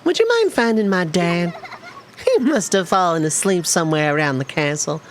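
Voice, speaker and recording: A streamer voicing a cheerful young farm girl in a video game, in a sweet, bright way. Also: mid-range voice, sing-song, normal speed, slight background noise, close to an everyday voice. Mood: sweet chirpy.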